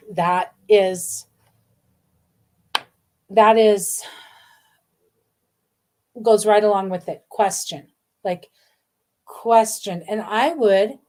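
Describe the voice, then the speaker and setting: A middle-aged woman hosts a live card reading over a webcam mic, her talk gushing and wandering, full of fillers and little asides. Her voice sits mellow and soft-edged at a middling pitch. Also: steady tone, very slow, long pauses. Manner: gushing, warm, meandering with many fillers. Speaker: intuitive card reader hosting a live stream.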